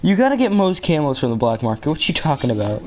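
A man's voice: fairly high pitch, sing-song, quick pace, a crowd in the background. A young man chatting loosely and joking with teammates as he streams a shooter game live. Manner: loose, joking, talks to teammates while playing. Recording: clear background game noise.

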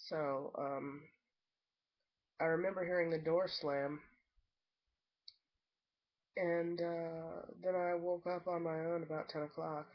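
A woman's voice: low voice, little pitch movement, slow pace, pauses often. Woman vlogging, chatty and rambly, lots of ums, muffled lo-fi sound. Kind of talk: casual chat to camera. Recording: dull lo-fi home recording.

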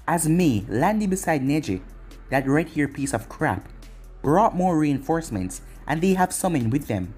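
Husky man reading a fan story. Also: a little high, very animated, a little mellow, faint music behind. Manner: plain, brisk storytelling. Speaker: fan fiction narrator.

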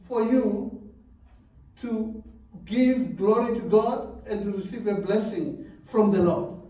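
A man's voice: extremely high pitch, mellow. A man preaching a sermon in a church, repeating words and laughing between phrases. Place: church hall. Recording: very echoey church hall, mic at a distance.

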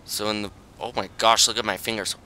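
A young man commenting on his own gameplay, pleading with himself and muttering, with sudden high yelps when things go wrong. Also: flat delivery, brisk. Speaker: gaming channel host. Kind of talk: let's-play commentary. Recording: loud background noise.

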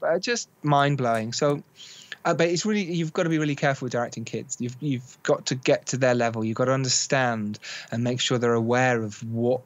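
A man's voice: medium pitch, brisk, dry recording. A man, a film director guest on a podcast, telling stories and acting out quoted dialogue. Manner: animated storyteller acting out quotes. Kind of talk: podcast interview.

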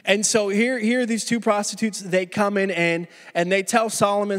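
Animated high-voiced male pastor. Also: normal speed, in a large hall. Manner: animated, casual, restarts phrases often. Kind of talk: conversational sermon storytelling. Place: church sanctuary.

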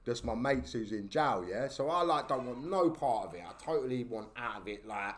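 A man's voice: medium pitch, expressive, moderate pace. Slangy London man telling a story. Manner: slangy, tags lines with "yeah?". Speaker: podcast guest. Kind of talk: casual storytelling.

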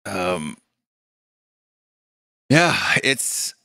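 A man's voice: on the low side, sing-song, extremely slow, vocal fry, bright, forceful tone, no echo, clean studio sound. A young adult man co-hosting a podcast in casual chat, talking in an exasperated, rambling way with lots of fillers. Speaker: podcast co-host.

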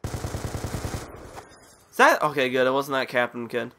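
A man's voice: medium pitch, little pitch movement, quick pace, fairly bright tone, slight background noise. A young man giving live gameplay commentary, frustrated, swearing and ranting at the game. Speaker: gaming commentator.

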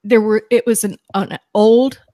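A middle-aged woman, a guest psychic medium, telling a story in an animated, excitable, rambling way on a talk show. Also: fairly high pitch, measured pace, dry recording, clean studio sound.

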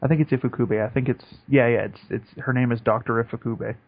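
Husky man on a lo-fi podcast. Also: mid-range voice, fast talker, no room sound. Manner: rambling, excitable, sweary. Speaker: podcast co-host. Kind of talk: casual chat. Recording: dull lo-fi podcast audio.

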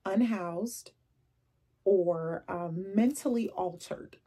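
A young adult woman vlogging casually, telling animated stories with laughs and asides. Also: mid-range voice, very slow, breathy edge. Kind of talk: casual chatty vlog.

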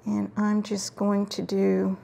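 A woman's voice: medium pitch, completely flat delivery, slow, vocal fry, slight background noise. A middle-aged woman hosting a casual crafting tutorial, chatting while she works and murmuring to herself at times. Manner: chatty, warm asides while working, drifts into murmurs. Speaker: craft video host.

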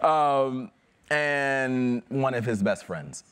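A photographer giving a conference talk about his project, measured and explanatory, with a few fillers. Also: medium pitch, lively intonation, fairly bright tone, clear, resonant tone.

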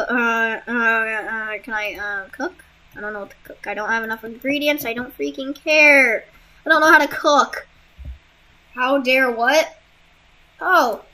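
Young woman playing a game and chatting, high bright voice, slow giggly delivery. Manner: giggly, exclamatory, reacting out loud. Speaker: gamer. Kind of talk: casual game commentary.

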